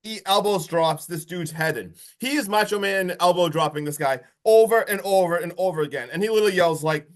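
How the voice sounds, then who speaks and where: A man co-hosting a podcast, recapping a horror movie in an excitable, casual chat full of swearing and "like". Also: sits high, brisk, hardly any pauses. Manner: excitable, swears freely, heavy use of "like". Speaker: podcast co-host.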